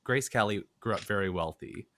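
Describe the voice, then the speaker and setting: A man co-hosting a podcast, chatting casually about a film, relaxed and meandering with many fillers. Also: lowish voice, brisk, no room sound. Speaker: podcast co-host.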